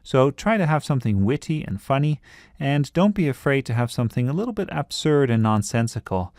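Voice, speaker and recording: A man's voice: mid-range voice, very animated, fairly quick, darkish tone, dry recording, studio quality. A man teaching a writing lesson, explaining patiently and breaking off now and then to restart a thought.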